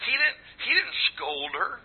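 A man preaching a sermon in a very high, husky voice. His pitch swings widely as he acts out the voices in his stories. The sound is thin and tinny, like a phone line. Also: a little slow. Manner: animated storytelling, acts out voices, rising to shouts.

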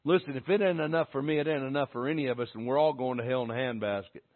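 A man preaching a sermon to his church with passion, dropping to a hush and then rising to a shout. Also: medium pitch, racing. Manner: impassioned, swinging from hushed to shouting. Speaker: pastor. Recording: tinny phone-like sound.

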